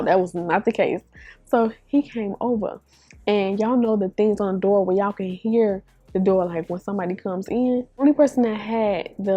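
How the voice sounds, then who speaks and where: Young woman, chatty storytime vlog, mellow husky voice, dry close sound. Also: medium pitch, no room sound. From Chicago. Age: 20s. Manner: chatty, animated, addresses viewers as y'all. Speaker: beauty vlogger.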